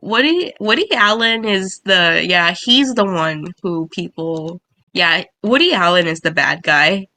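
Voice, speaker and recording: A woman's voice: fairly low pitch, unhurried, pushed and bright, no echo. A young woman co-hosting a podcast, teasing her friend in casual chat and laughing often. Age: young adult. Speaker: podcast co-host.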